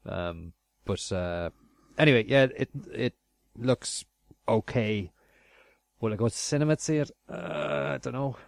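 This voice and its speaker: A man hosts a laid-back film review podcast, pausing on "um" and "uh" and circling back mid-sentence. His voice sits at an ordinary pitch. The recording is dry, with no room sound. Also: vocal fry, no echo. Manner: rambling, many fillers and restarts, laughs often. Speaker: podcast host. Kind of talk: casual film review chat.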